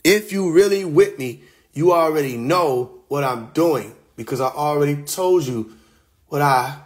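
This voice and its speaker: Black guy on a phone live stream, voice a bit high, laid-back streetwise talk, cusses and laughs a lot. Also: a little slow. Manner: loose, streetwise, profane, laughs often. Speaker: livestream host. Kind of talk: casual livestream monologue. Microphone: phone livestream.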